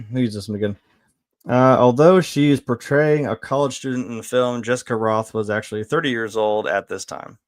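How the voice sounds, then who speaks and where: A man giving a casual film review, laid-back and rambling, with lots of fillers, swearing and quick laughs. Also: mid-range voice.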